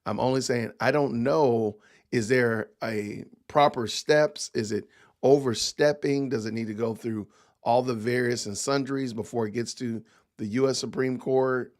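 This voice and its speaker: A man's voice: medium pitch, steady tone, measured pace. A middle-aged man hosting a podcast livestream, rambling in casual commentary and talking straight to his chat. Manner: rambling, talks to chat directly. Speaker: podcast host reacting to news clips.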